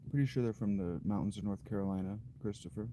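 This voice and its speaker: A man hosting a livestream, chatting casually with viewers' comments in an unhurried, blunt way, thinking aloud with fillers and restarts. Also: lowish voice, mellow, slight background noise. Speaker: livestream host.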